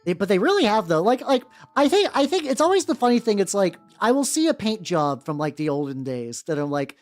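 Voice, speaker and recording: A woman's voice: medium pitch, big pitch swings, brisk, hardly any pauses, darkish tone. A woman chatting casually on a live stream while painting miniatures, rambling with lots of fillers and casual swearing. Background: faint background music.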